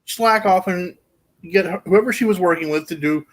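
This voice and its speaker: A man's voice: high-pitched, moderate pace. A man telling a long, rowdy anecdote in casual chat and laughing along as he goes. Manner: animated storyteller, laughing through his own anecdote. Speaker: guest storyteller.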